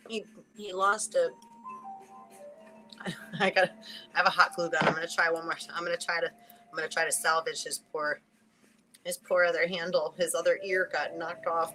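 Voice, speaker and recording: A woman hosting a casual spiritual reading, chatting and laughing between thoughts, swearing casually and slowing down to read card messages aloud. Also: fairly low pitch, steady tone, over music, rough recording. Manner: reads oracle card messages aloud slowly. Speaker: spiritual reader and channel host.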